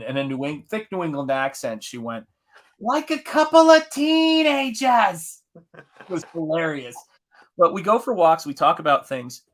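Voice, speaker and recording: A man's voice: mid-range voice, bright, forceful tone. A middle-aged man hosting a live art stream, chatting casually and enthusiastically with his viewers while he paints. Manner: enthusiastic, rambling, talks to the chat.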